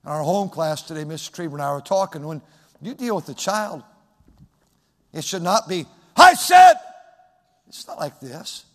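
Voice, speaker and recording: A man preaching a sermon as pastor, swinging from loud, shouted emphasis to soft, hushed speech. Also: a little high, normal speed. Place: large church sanctuary. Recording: long hall reverb.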